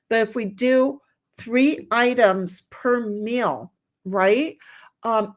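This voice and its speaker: A woman hosting a livestream, reading chat aloud in a rambling, chatty way with many fillers. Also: on the high side.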